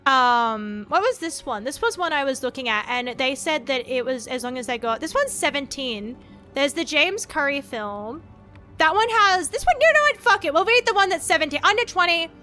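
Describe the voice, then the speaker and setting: Chatty Australian woman, bright and high. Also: lively intonation, faint music behind. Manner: rambling, halting, with frequent restarts; swears casually. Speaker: VTuber streamer. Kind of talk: casual live-stream chat.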